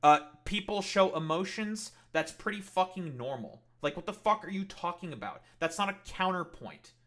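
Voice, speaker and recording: A man's voice: sits high, animated, normal speed, fairly bright tone. Heated, profane male streamer. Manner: sarcastic, mocking. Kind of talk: live-stream rant at chat.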